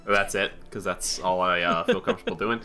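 A deep-voiced man runs a tabletop game with relaxed, rambling narration full of "uh" and "like". His tone is bright and forward, with soft music playing behind him. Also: a little fast. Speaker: game master.

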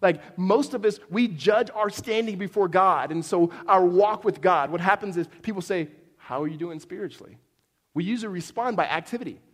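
A man's voice: high voice, normal speed. A middle-aged man preaching a sermon in a casual, conversational way, telling jokey stories and checking in with "right?" asides. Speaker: pastor. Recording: long hall reverb.

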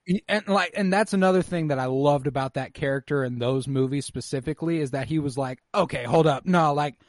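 A man's voice: mid-range voice, fast talker, no room sound, studio quality. A man chatting casually with friends, enthusiastic and swearing freely. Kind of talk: casual chat.

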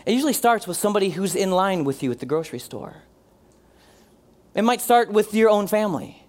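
A man preaching a sermon as pastor, earnest, slowing down and dropping his voice for emphasis, and leading the congregation in responses. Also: high voice, lively intonation, a little mellow. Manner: leads the congregation in call-and-response.

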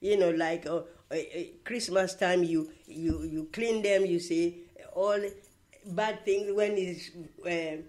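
Slow and steady, with a voice on the low side, an older woman speaks accented English as she's interviewed. She shares stories warmly and casually, often restarting and saying "you know."

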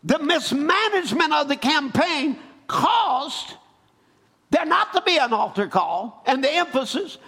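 High, bright-voiced shouting preacher. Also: male voice, big pitch swings, a little slow. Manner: building to shouted exhortation. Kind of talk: sermon.

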